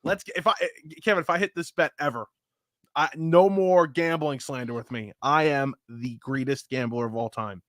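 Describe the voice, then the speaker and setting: A man's voice: medium pitch, moderate pace, dry recording, clean studio sound. A man co-hosting a baseball podcast, chatting casually and telling stories with jokes. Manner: animated storytelling, joking. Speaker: podcast co-host. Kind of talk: casual sports chat.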